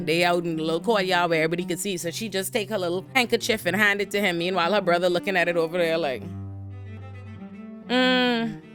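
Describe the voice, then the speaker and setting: A woman giving a casual TV episode breakdown, animated, profane and full of slang, and she acts out the characters as she goes. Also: lowish voice, very fast, few pauses, faint music behind. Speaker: TV recap vlogger.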